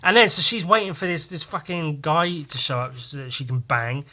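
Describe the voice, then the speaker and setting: Male podcast host: loose, profane, jokey comic-review patter with a bright voice. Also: a little high, normal speed. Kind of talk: casual comic review commentary.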